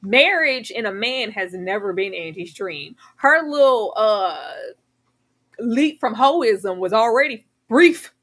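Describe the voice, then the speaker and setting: A woman co-hosting a casual TV recap chat, animated and sassy, often acting out characters' lines. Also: fairly high pitch, slow. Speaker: podcast co-host.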